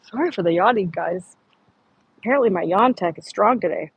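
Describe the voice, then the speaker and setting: A woman's voice: mid-range voice, a little fast, slightly rough, low-quality recording. A woman chatting casually on an outdoor livestream, rambling and answering viewer comments. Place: outdoors on a humid morning.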